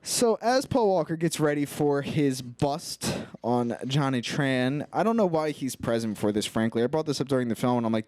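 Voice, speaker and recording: A man's voice: medium pitch, lively intonation, moderate pace, hardly any pauses, a little mellow, no echo. A young man co-hosting a podcast, casually recapping a film in a rambling way and acting out its lines. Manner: rambling, acts out movie lines with laughs. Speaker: podcast co-host.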